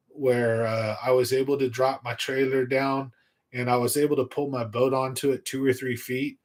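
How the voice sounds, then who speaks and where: A young man hosting a fishing livestream, telling a story in a casual, slangy way and acting out his own thoughts. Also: medium pitch. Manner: animated storyteller, slangy, acts out his own inner voice loudly. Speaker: fishing channel host. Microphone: livestream computer mic.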